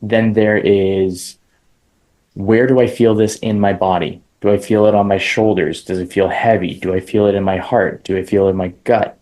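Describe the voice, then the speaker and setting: A man being interviewed who explains a step-by-step practice in a relaxed, conversational way, with casual slang. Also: on the low side. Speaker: interview guest.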